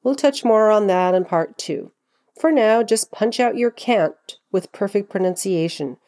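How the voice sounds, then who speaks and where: A woman giving a scripted pronunciation lesson, slowing down to model words clearly. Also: mid-range voice, lively intonation, mellow. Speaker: pronunciation teacher. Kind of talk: scripted instructional narration.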